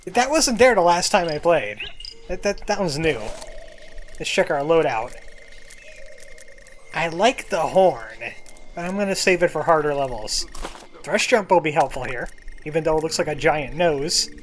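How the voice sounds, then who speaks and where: A man's voice: a little high, expressive, measured pace, long pauses, a little hiss or hum. A man giving casual, self-deprecating gameplay commentary as a let's-play gamer. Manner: self-deprecating, chatty, jokey. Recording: game music playing underneath.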